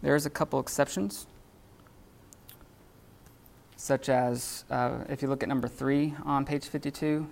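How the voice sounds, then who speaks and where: A man teaching a live Greek grammar class, talking in a halting way with many fillers and restarts. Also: medium pitch, level tone, gravelly, a little mellow.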